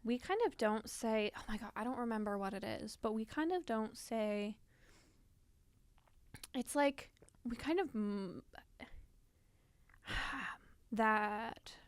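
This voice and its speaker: A woman's voice: fairly high pitch, slow, pauses often, clear, resonant tone, no room sound. A young woman, a theater student from the West Coast, chatting in a bubbly, casual way on a podcast. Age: young adult. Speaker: guest, acting student.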